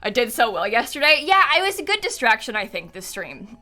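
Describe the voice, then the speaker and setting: Bright-voiced young woman streamer, rambling. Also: fairly high pitch, very animated, a little fast. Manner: rambling, many fillers, nervous laughs. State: shaken, near tears. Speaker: game streamer. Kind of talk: casual live-stream chat. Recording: faint music behind.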